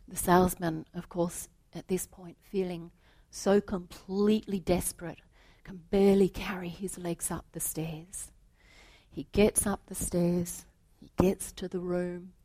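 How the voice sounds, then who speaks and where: A woman giving a reflective spiritual talk, telling a story and then drawing its meaning, often asking rhetorical questions and sometimes dropping to a soft aside. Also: on the low side, flat delivery, unhurried. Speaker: spiritual teacher.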